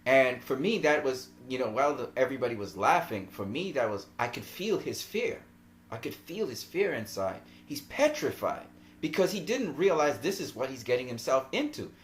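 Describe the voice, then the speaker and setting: A man's voice: mid-range voice, moderate pace, slight background noise. Guy rambling about a movie, laughs a lot, voice jumps up and down. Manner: animated, laughs often, rambling. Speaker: movie vlogger. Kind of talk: casual film commentary.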